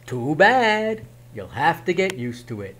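Clever storybook hero, lively and teasing, fairly high voice, read by a man. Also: unhurried, slight background noise.

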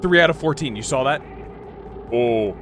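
A young man streaming a horror game, muttering to himself and yelling in fright. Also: mid-range voice, expressive, moderate pace, a little hiss or hum. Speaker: gaming streamer. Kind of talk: horror game playthrough commentary.

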